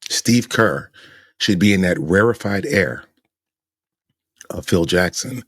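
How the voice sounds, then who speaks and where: A man's voice: deep voice, slightly rough, no room sound, studio quality. A man hosting a podcast, giving emphatic opinion commentary full of rhetorical questions. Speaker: podcast host.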